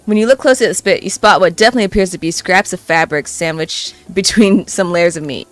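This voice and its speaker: A woman's voice: fairly low pitch, fast, dry recording, faint music behind. A woman streamer reading a dating game aloud in a playful way. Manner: playful, animated.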